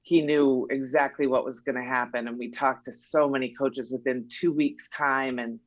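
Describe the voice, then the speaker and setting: A woman's voice: a bass voice, fairly even intonation, normal speed, no echo, lo-fi sound. A middle-aged woman, a basketball player's mother, chatting as a podcast guest and telling stories with remembered dialogue. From New England. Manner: warm storytelling, acting out remembered dialogue. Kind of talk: casual podcast chat.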